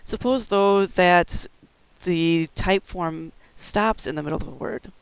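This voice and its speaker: A braille instructor gives a recorded lecture, explaining things methodically, step by step, and pausing on the occasional filler. His voice is slightly high and gravelly but clear. The close, dry recording has no echo or room sound, though the audio quality is poor.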